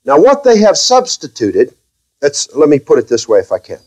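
A man preaching a sermon as pastor to his own congregation, speaking carefully, with restarts and wry, gently sarcastic asides. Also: a little high, huge pitch swings, normal speed, low-quality recording.

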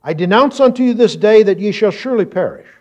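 A man preaching a sermon, moving from quiet, reflective explanation to loud, emphatic scripture reading and questions to his congregation. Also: high voice, animated, fast talker. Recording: dull lo-fi sound.

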